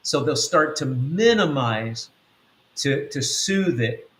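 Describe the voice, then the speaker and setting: A man's voice: medium pitch, lively intonation, slow pace, fairly bright tone, roomy sound. A man giving a spiritual teaching talk as an apostle. He speaks earnestly and repeats his points. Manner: earnest, repetitive, acts out quotes.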